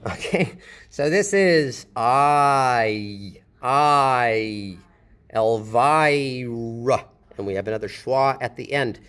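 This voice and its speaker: A man's voice: mid-range voice, big pitch swings, normal speed. A man teaching pronunciation and reviewing his students' phonetic transcriptions, patiently drawing out each sound as he demonstrates it.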